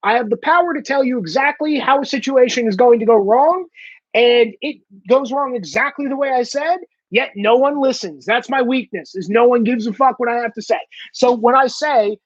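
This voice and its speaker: Sarcastic, profane man with husky voice. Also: very high-pitched, a little fast, no room sound. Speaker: online show host. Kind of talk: ranting monologue. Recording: dull lo-fi dry sound.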